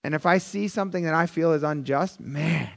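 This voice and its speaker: A middle-aged man preaching a conversational, animated sermon, often calling the audience "you guys". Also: fairly high pitch, brisk, vocal fry. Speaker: pastor.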